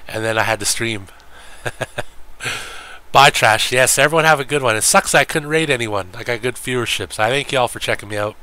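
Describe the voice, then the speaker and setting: In a dry recording, a man streaming games chats casually with his audience in a brisk, sharp, mid-range voice. He's profane and joking, rambles on, and puts on his friends' voices when quoting them.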